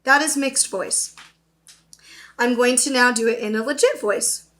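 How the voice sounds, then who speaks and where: A woman's voice: a little high, unhurried, fairly bright tone. A young woman teaching an upbeat virtual voice lesson, explaining terms and checking in with her students. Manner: upbeat, explains then demonstrates, often checks with "okay?".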